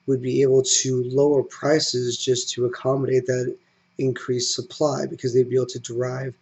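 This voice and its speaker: A man getting over a cold, giving a solo commentary in a measured, explanatory way with some fillers and restarts. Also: mid-range voice, a little mellow, muffled recording. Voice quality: hoarse, gravelly. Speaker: commentary host.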